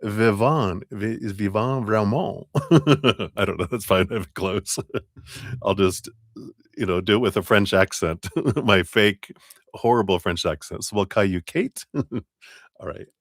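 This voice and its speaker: Low-voiced guy doing tarot readings on a live stream, laid back and chatty, dry close mic. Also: unhurried, pauses often, dry recording. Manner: relaxed, chatty, laughs often, talks to viewers by name. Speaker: tarot reader.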